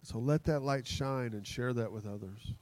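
A man preaching a sermon in a church, impassioned and excitable, laughing as he goes. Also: medium pitch, moderate pace, dry recording, low-quality recording. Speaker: pastor.

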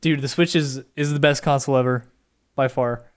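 Young male podcast co-host, excitable, rambling, casual cursing, relaxed chat. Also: medium pitch, a little fast.

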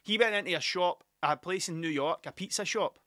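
A young Scottish man rambles through a casual solo podcast, swearing freely and drifting between stories. His voice sits a little high and sounds bright and forceful. The recording is dry and close to the mic. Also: brisk, dry recording. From Scotland. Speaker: podcast host.

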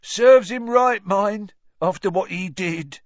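A man voicing a slow-talking, gloomy male bus driver, on a dull lo-fi audiobook recording. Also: high-pitched, no echo, voice pushed up. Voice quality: slow, dark.

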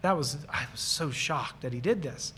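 A man's voice: mid-range voice, moderate pace, fairly bright tone, slightly rough. A man from Lancaster County, Pennsylvania, giving an earnest, enthusiastic ministry talk with audience questions and personal stories. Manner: acts out short bits of dialogue while explaining. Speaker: guest speaker on ministry.

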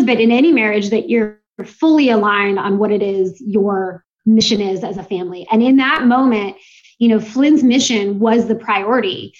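A woman sits as a podcast guest and shares her experiences in an earnest, reflective tone, her speech full of casual fillers. Her voice sits on the higher side. The recording sounds a little dull and muffled. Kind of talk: casual interview chat.

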